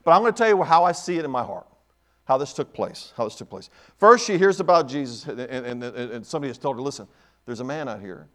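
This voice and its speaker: A man's voice: mid-range voice, big pitch swings, quick pace, a bit bright. A man preaching a sermon in church, emphatic and repetitive, building his points in rising bursts.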